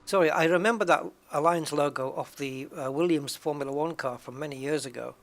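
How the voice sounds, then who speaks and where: The speaker, a man streaming a flight simulator from home, sounds a little high and a little fast, with faint hiss or hum behind him. His commentary wanders chattily, breaking off to restart or toss in asides.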